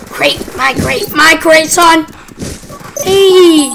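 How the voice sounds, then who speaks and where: A woman giving game commentary, excitable, squealing and shouting, then dropping to whispered asides. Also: very high voice, takes it slowly, pauses often. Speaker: gaming channel host. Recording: home recording with clear background noise.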